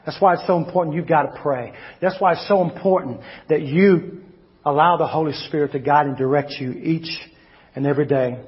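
A male pastor preaching a sermon, swinging between loud emphatic shouts and low quiet asides. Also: a little fast. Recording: long hall reverb, dull lo-fi sound.

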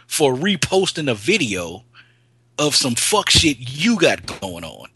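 A man's voice: medium pitch, big pitch swings, takes it slowly, bright, forceful tone, husky, no echo. A man in casual podcast banter, loose and profane, laughing often and getting riled up. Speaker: co-host.

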